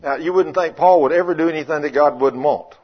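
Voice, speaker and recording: This husky, somewhat high male voice belongs to a preacher telling homespun stories at a quick pace, voicing the characters in them. His folksy sermon swings from thundering rebukes to quiet, confiding asides, all heard through a dull, muffled lo-fi recording.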